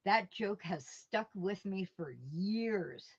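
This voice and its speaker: A woman's voice: medium pitch, lively intonation, takes it slowly, slightly rough. A woman hosting a casual live stream from home, rambling through stories and answering her chat with chuckles. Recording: dull lo-fi stream audio.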